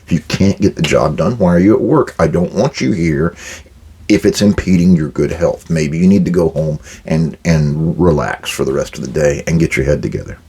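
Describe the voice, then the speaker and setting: A man's voice: a bass voice, moderate pace, mellow, breathy edge. An older man hosting a management advice talk, blunt and direct, acting out quoted exchanges with workers. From United States. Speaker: podcast host giving management advice.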